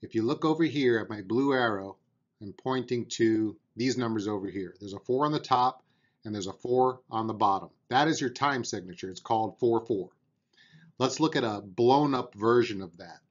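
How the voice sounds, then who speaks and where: Man, drum teacher, beginner lesson, patient, encouraging, counts beats aloud, mid-pitched voice, dull lo-fi audio. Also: normal speed.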